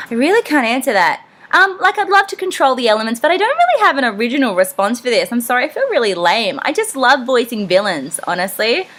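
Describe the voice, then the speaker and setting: Bright-voiced Australian woman chatting casually. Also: a little high. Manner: chatty, rambling, frequent ums and self-deprecating asides. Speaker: voice actor answering fan questions. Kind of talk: casual Q&A vlog.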